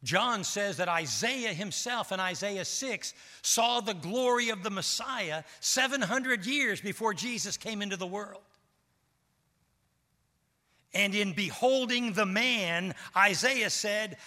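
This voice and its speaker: High-voiced male pastor preaching hard, asks for amens, church echo. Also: expressive, measured pace, hardly any pauses, pushed and bright. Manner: emphatic, asks the congregation for responses. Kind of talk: sermon. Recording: long hall reverb.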